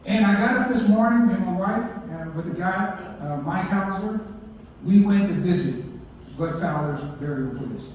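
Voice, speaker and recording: A man's voice: high-pitched, normal speed, slight background noise. A man in his sixties, a baseball historian giving a folksy storytelling talk and asking his audience questions. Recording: echoey hall, distant mic, muffled.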